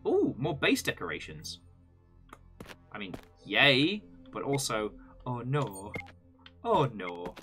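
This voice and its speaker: A man gives gameplay commentary in a very bright, lively voice, tossing off joking asides as he plays. Faint music runs underneath his talk. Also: medium pitch, slow pace, long pauses. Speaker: gaming video host.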